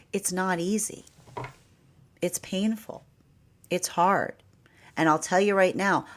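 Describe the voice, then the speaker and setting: Low-voiced woman tarot reader. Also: a little hiss or hum. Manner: chatty, repeats herself, laughs often, says "right?" and "like". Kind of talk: casual spiritual talk.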